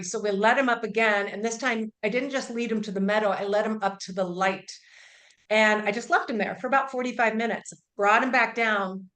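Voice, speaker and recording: A woman's voice: mid-range voice, fairly bright tone. A woman Reiki healer telling an earnest, emphatic story as an interview guest, often restarting her sentences. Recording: roomy echo.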